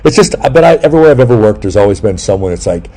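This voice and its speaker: A man talks in a loose, rambling way, his voice mellow and dark. He tells stories with animated asides, suddenly pitching up to mimic people, and swears without a second thought. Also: very fast. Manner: swears freely. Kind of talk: casual chat.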